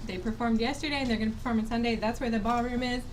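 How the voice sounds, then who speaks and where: A woman's voice: on the high side, fairly even intonation, very fast, a little hiss or hum. A woman cheerfully telling viewers where the merchandise table is, in a casual chat. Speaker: merchandise helper. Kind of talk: casual live-stream chat.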